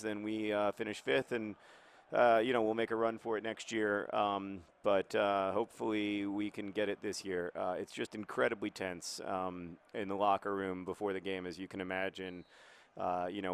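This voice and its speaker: A man's voice: lowish voice, clear, resonant tone. A man giving casual commentary over a football video game, playing the club's manager in a hesitant, rambling way with many fillers. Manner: earnest mock-manager tone.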